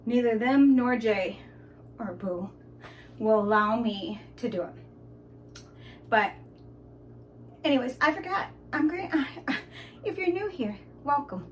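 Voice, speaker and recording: Vlogger woman from the Detroit area, high voice, rambling chat, a little far from the mic. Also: a little hiss or hum. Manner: chatty and rambling, with frequent fillers. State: out of breath. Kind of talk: casual vlog chat. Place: indoors at home, then outdoors at a theme park.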